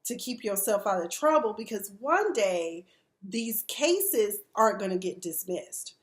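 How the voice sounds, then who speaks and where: A woman in her forties speaking in a casual, outspoken way, with profanity and quick mimicry of the people she discusses. Her voice sits in a mid range. The room around her adds a noticeable echo. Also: mid-range voice, lively intonation. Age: 40s. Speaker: reality TV recap vlogger. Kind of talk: casual commentary. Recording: roomy echo.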